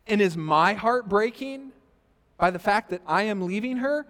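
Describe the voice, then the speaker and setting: A man in his thirties preaching a sermon, telling a personal story with quoted asides and loudness that rises and falls. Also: high voice, lively intonation, a little slow. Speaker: pastor. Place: church sanctuary. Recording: reverberant church hall.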